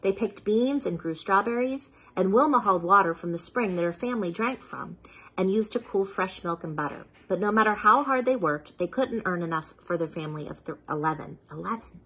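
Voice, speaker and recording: Woman, breathy husky voice, children's storytime reader, steady read-aloud, sounds out tricky words. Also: medium pitch, brisk, poor audio. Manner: reads steadily, stopping to sound out unfamiliar words. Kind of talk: reading a picture book aloud to children.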